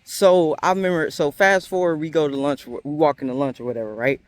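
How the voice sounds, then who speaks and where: A man telling a school story in a casual storytime. He is animated and slangy and laughs often. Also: a little high, a little fast, dry recording. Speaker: storyteller vlogger.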